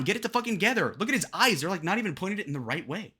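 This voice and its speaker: Bright, lively, profane young man ranting. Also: fairly high pitch, fast, few pauses, slightly rough. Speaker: political commentary host. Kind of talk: reaction commentary on debate clips.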